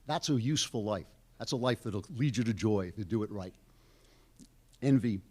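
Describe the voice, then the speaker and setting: A man's voice: fairly low pitch, normal speed, dark tone. Older American man, emphatic lecture. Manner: emphatic, punchy one-word headings, sarcastic asides. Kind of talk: speaking at a lecture.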